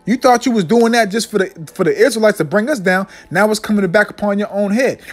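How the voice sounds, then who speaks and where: A man preaching a fiery sermon, ending nearly every line with "man" and slowing down to read scripture solemnly. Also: high voice, soft background music. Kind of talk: fiery street-style sermon with scripture readings.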